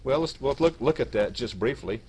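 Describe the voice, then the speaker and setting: A man of middling pitch delivering a short sermon, leaning hard into the scripture he reads aloud and stumbling into small restarts between thoughts. A faint hiss of noise sits under the voice. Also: lively intonation, brisk, darkish tone. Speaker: minister.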